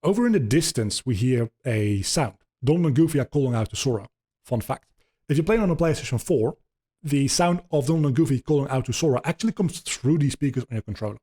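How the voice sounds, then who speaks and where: Rambling, swearing man with a mellow voice. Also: medium pitch, lively intonation, fast, slightly rough. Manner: rambling, swearing, many ums. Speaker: podcast host. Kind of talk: casual chat, explaining video game lore.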